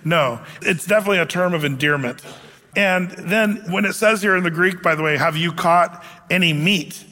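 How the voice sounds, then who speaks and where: Bright-voiced man preaching in a reverberant hall. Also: high voice, moderate pace. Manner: conversational, explains scripture with casual asides. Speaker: pastor. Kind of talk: sermon.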